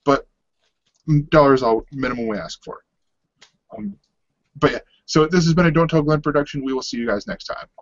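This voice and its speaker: A man's voice: medium pitch, a little fast, long pauses, dry recording. A man co-hosting a casual podcast, rambling and restarting his sentences, laughing easily. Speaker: podcast co-host. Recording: dull lo-fi dry sound.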